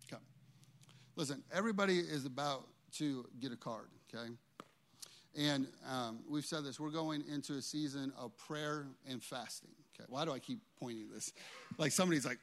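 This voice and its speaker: A man preaching a sermon as pastor in a church, emphatic and animated, often checking in with "okay?". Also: mid-range voice.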